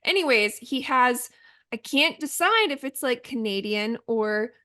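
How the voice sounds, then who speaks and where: A woman's voice: on the high side, animated, pushed and bright, no echo, studio quality. A young adult woman from Oregon, co-hosting a podcast in casual chat with a chatty, upbeat manner. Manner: chatty, upbeat, quick asides. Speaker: podcast co-host.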